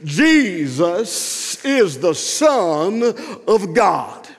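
A man's voice: high voice, big pitch swings, in a large hall, full character voice. A male pastor voicing an old-school elderly preacher who stretches out every word from the pulpit. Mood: preaching. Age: older. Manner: slow drawn-out pulpit cadence.

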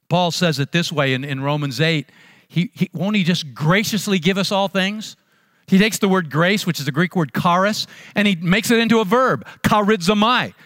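Male pastor, high voice, dry close sound; chatty, storytelling sermon delivery. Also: a bit bright, no echo. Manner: conversational storytelling, repeats words.

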